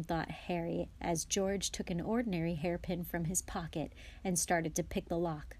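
A woman guest reader reading a children's novel aloud, dropping to whispers and rising to shouts for the characters. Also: on the low side, steady tone, moderate pace.

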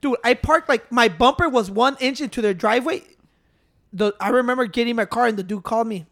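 A man's voice: very high-pitched, brisk, creaky, a bit bright. A man, cohosting a podcast in casual, profane chat and telling stories. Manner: profane, storytelling with quoted voices. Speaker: podcast co-host.

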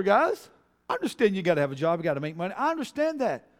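A middle-aged male pastor preaching a folksy sermon, calling on the congregation to answer and building to loud, emphatic peaks. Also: sits high, very animated, fast. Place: church. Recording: long reverb of a church hall.

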